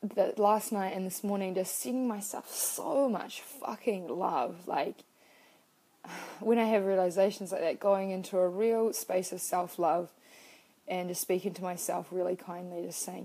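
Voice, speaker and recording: A woman's voice: fairly low pitch, steady tone, a little slow, mellow, slightly rough. A young woman hosting a casual, heartfelt live stream as a personal-growth coach. She speaks candidly and emotionally, swears freely, and greets her viewers by name.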